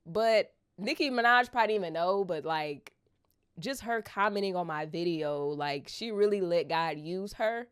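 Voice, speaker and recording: Woman, vlogger, casual storytelling, chatty, says "y'all", excitable, mid pitch. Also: normal speed, clear, resonant tone. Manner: addresses viewers as "y'all", animated, rising to excited squeals.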